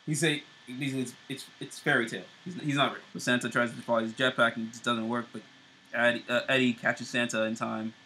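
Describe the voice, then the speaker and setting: A man's voice: medium pitch, level tone, fast talker, bright, forceful tone, slight background noise, low-quality recording. A man co-hosting a show, casually recapping TV episodes with loose fillers and restarts. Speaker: show co-host.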